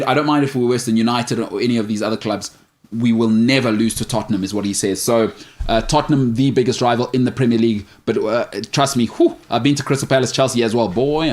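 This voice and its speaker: Male sports show host, mid-pitched, loose and joking, stumbles over odd names and holds strong opinions. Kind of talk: casual sports chat reading viewer questions.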